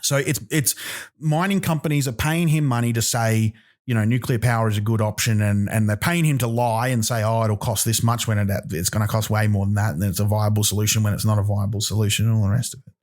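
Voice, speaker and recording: A man's voice: fairly low pitch, steady tone, fast, a little mellow. An Australian man hosting a podcast, delivering an angry comedic rant full of swearing and emphatic restarts. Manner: profane, heated, emphatic with many restarts. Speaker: podcast host.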